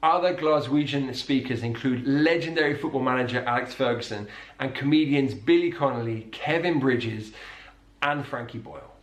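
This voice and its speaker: A man teaching a lesson online, explaining things carefully and slowing down to model each sound. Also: medium pitch. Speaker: accent teacher. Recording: roomy echo.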